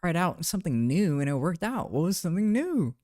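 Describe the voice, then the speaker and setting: A man's voice: high voice, sing-song, brisk, mellow, no room sound, clean studio sound. A young man live streaming, chatting loosely with viewers while gaming, laughing a lot and swearing now and then.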